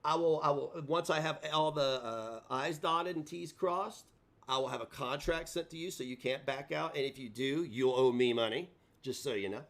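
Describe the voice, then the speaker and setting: A man's voice: fairly high pitch, normal speed. A man hosting a live stream, taunting and mocking a caller in a sarcastic rant.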